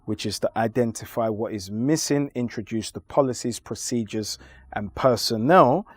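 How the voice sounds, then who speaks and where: A man being interviewed, arguing his points in a forceful, lecturing way with deliberate pauses. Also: medium pitch, husky, no room sound. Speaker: interview guest. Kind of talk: emphatic conversational argument.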